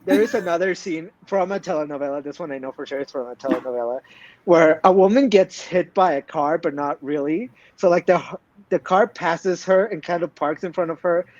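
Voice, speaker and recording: A man's voice: on the high side, a little fast, a little mellow, lo-fi sound. A man co-hosting a casual recap podcast, blunt and emphatic, swearing freely. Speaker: podcast co-host.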